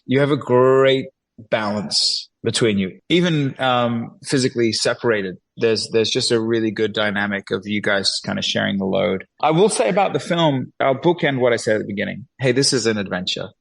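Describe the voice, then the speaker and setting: A man's voice: medium pitch, lively intonation, moderate pace, vocal fry, low-quality recording. A man guest in an interview, talking earnestly and animatedly, often restarting sentences and acting out little quotes. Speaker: guest, musician and filmmaker. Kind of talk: reflective conversational interview.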